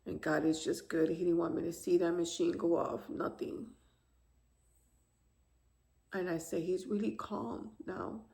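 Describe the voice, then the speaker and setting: A woman in her fifties, a grieving mother, telling the story of her son's death to camera in a soft, halting, tearful way. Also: on the low side, steady tone, gravelly. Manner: soft, halting, tearful retelling with quiet pauses. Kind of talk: emotional personal testimony to camera.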